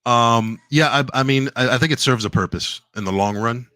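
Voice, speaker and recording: A man's voice: medium pitch, normal speed, pushed and bright, no room sound. A man co-hosting a casual review podcast, talking animatedly and acting out scenes in quoted voices, often laughing. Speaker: podcast co-host. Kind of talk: casual chat, show review.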